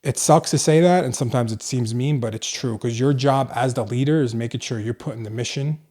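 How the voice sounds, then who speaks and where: A man's voice: medium pitch, brisk, warm tone. A man hosting his own podcast, speaking casually and earnestly about leadership, with the odd swear word. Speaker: podcast host, clinic owner. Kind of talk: casual solo podcast monologue.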